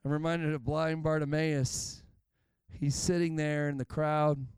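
A pastor with a fairly high but darkish voice speaks in a level tone and without hurry, recorded cleanly with no echo. Preaching a church sermon with mounting intensity, he tells stories and acts out what the people in them said.

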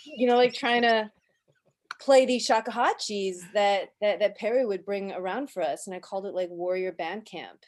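A woman's voice: medium pitch, normal speed, a little mellow. A woman, a cast member, fondly recalling time on set in casual chat, with lots of "like" fillers. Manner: chatty, many "like" fillers, fond. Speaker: actor guest.

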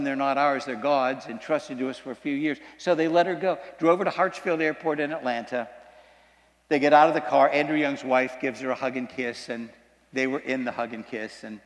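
A man preaching a sermon, telling a story with dramatic swings from loud to hushed. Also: mid-range voice. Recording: long reverb in a large hall.

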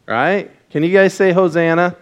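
A man's voice: high-pitched, normal speed, smooth. A man giving a children's message in church, asking the kids questions and leading them in call-and-response on a mic. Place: church sanctuary with congregation. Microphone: wears a mic.

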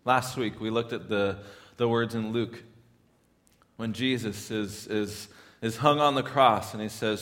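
A pastor preaching a sermon in a church, talking in a conversational way, often repeating words and rising into loud, pleading questions. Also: male voice, fairly low pitch, measured pace, long reverb tail.

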